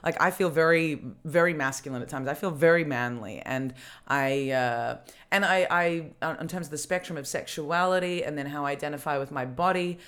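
A woman from Australia co-hosting a podcast, rambling in casual chat with frequent restarts and quick laughs. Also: sits low, fairly bright tone, clear, resonant tone. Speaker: podcast co-host.

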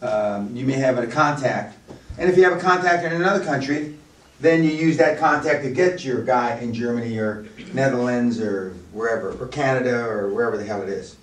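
A man's voice: medium pitch, brisk, slight background noise. A man in his sixties giving a live business seminar to a room of listeners, blunt and rambling as he talks. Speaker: seminar speaker. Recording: echoey room, mic from far off.

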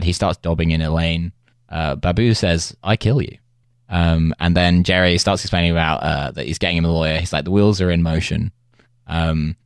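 Low-voiced man recapping with dry jokes. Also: gravelly, no room sound. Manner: dry, joking, quick asides. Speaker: podcast host. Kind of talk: casual chat, recapping an episode.

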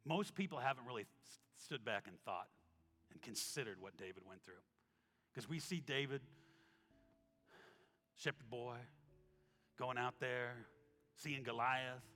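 A man preaching a sermon as pastor, telling stories with acted-out quotes and dropping to a soft tone when reading scripture. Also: mid-range voice, measured pace, long pauses. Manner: animated storytelling, acts out quotes, drops to soft tones for scripture. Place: church sanctuary. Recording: reverberant hall with soft instrumental music.

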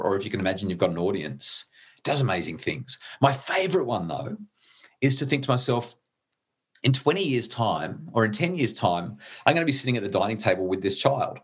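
A middle-aged man talks through his ideas in an earnest, conversational way. His voice sits low and carries a husky grain, and he stumbles and restarts when he is moved. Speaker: parenting guest. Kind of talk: conversational explaining.

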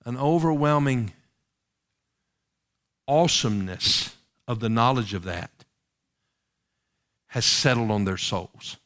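A man's voice: medium pitch, slow, pauses often, a bit bright. A man preaching a sermon, reading King James scripture aloud and pressing the congregation with rhetorical questions.

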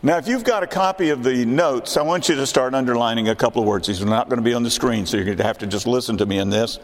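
A man's voice: mid-range voice, quick pace, big-room sound. A man in his sixties preaching a sermon in a church, emphatic and repeating his key questions. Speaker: pastor. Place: church sanctuary.

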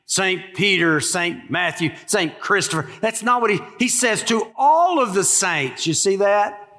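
A male pastor preaching a lively sermon, asking the congregation questions and joking with them. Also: high voice, measured pace, faint music behind. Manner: animated preaching with rhetorical questions and asides to the congregation. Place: church sanctuary. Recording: live in a church with long reverb.

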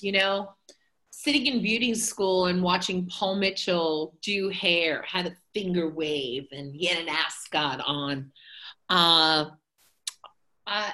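Chatty hair educator lady, bright voice, lots of likes and uhs. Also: mid-range voice. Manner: chatty, rambling, many fillers. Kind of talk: casual interview talk.

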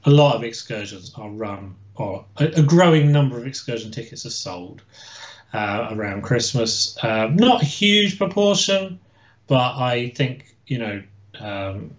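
A man's voice: mid-range voice, expressive, measured pace. A man co-hosting a casual history chat, talking hesitantly with many fillers and restarts. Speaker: co-host, history researcher. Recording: echoey room, dull lo-fi sound.

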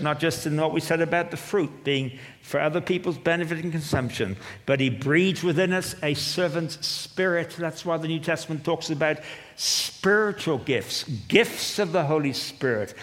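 A man preaching a sermon, moving between loud proclamation and quiet asides. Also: on the high side. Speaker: pastor. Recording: long reverb of a large hall.

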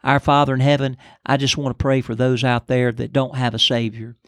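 Older man, preacher, earnest storytelling and prayer, middle pitch, dry close sound. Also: level tone, brisk, no room sound. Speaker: podcast co-host and preacher.

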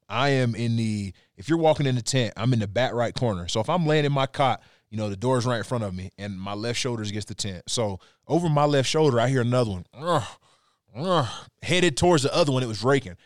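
A man with a medium-pitched voice hosts a podcast, animatedly telling a story, swearing freely, and acting out sounds. The casual storytelling chat is studio quality with no echo.

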